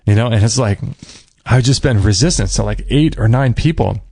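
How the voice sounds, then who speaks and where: A man hosting a podcast, telling a personal story in a casual, animated way and acting out what people said. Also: on the low side, normal speed, gravelly, no room sound. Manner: animated, acts out quoted dialogue; emotional, near tears at times. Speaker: podcast host.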